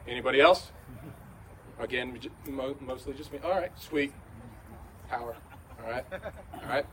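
A man preaching a conversational sermon in a large room, going from hushed to shouting. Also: medium pitch, moderate pace, distant mic, slight background noise, low-quality recording. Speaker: pastor.

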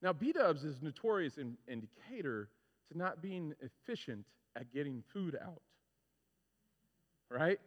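A male pastor preaching a sermon, telling stories with lively, animated delivery and acting out his own frustrations. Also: on the high side, unhurried. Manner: animated storytelling, acts out his own complaints. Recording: muffled sound with long hall reverb.

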